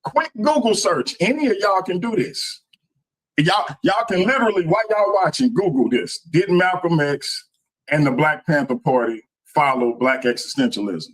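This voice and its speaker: A man's voice: fairly high pitch, expressive, normal speed, low-quality recording. Laid-back man debating online. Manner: laid-back, addresses audience as y'all. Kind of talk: casual debate speech. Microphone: video call.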